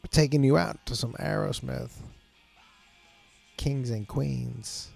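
A man's voice: mid-range voice, takes it slowly, gravelly, a little mellow, faint music behind. Rambling, profane podcast host man. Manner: rambling, profane, self-mocking with bursts of laughter. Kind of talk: casual late-night podcast rambling.

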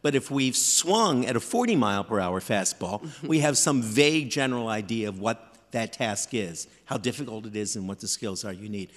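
A man in his fifties, an author guest in a live stage interview, telling self-deprecating stories in an animated way. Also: fairly low pitch, normal speed, few pauses. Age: 50s. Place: theater stage before live audience. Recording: long hall reverb from stage.

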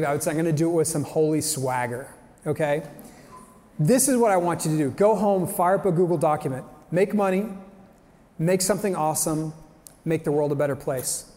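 A man giving an energetic, joking motivational talk on faith and work, firing off rhetorical questions to a live audience. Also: a little high. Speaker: speaker at a young professionals' faith event. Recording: live talk in a reverberant hall.

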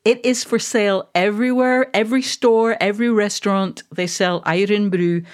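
A woman's voice: mid-range voice, fairly even intonation, moderate pace. A middle-aged woman from Manchester with a mid-Atlantic accent, co-hosting a podcast in casual, reflective chat. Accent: mid-Atlantic English. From England, Manchester. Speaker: podcast co-host.

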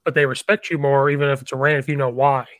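A man's voice: mid-range voice, flat delivery, quick pace, a bit bright, no echo. A man hosting a podcast, chatting in a loose way and saying "like" a lot. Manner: loose, filler-heavy speech, leans on "like". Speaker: podcast host. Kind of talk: casual chat.

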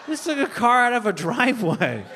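A man doing a stand-up comedy routine, telling a family story with lively acted-out voices. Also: normal speed, long reverb tail, some chatter behind, slight background noise. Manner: animated storytelling, acts out family members in high voices.

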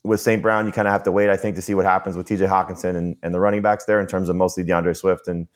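Fast-talking deep-voiced man, rambling. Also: little pitch movement. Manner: quick, rambling, heavy with "you know" and restarts. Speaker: podcast co-host, fantasy analyst. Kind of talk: casual podcast talk.

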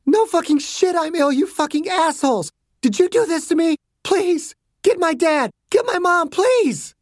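A man's voice: very high voice, animated, unhurried, dry recording, clean studio sound, pitched above the performer's own voice. A man doing a screaming teenage girl. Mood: panicked, hysterical. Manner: screaming, sobbing, cursing. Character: terrified, furious infected teenage girl.

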